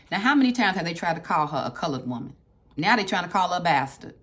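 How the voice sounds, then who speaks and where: A woman's voice: lowish voice, animated, brisk, fairly bright tone. A woman leading a casual book club discussion, talking conversationally, repeating phrases for emphasis and asking her listeners directly. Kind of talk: casual book discussion with read-aloud passages.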